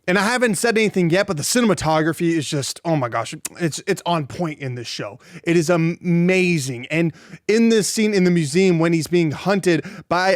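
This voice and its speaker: A man's voice: high voice, no echo, clean studio sound. A man hosting a casual video review, talking in an enthusiastic, gushing way with frequent restarts. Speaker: YouTube show reviewer.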